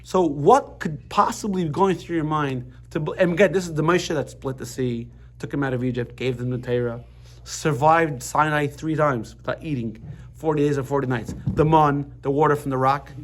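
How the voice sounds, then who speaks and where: A man teaching a lively class, switching quickly between explanation and jokes. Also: on the high side. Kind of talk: animated class lesson.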